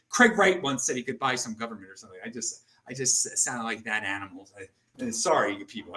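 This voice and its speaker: A man hosting a casual chat show, talking in an animated, excitable way, often restarting and stammering. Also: mid-range voice. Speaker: podcast host. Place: Salt Lake City area, indoors.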